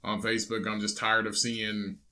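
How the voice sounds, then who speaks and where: A man's voice: on the low side, completely flat delivery, moderate pace, bright, forceful tone. A man from south central Indiana co-hosting a casual podcast with his brother, rambling with many restarts and swearing. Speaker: podcast co-host. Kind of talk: casual chat.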